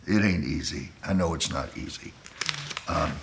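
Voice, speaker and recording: A pastor preaching to men on a call, pleading and impassioned, dropping quiet and then rising to a near shout. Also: male voice, a bass voice, normal speed.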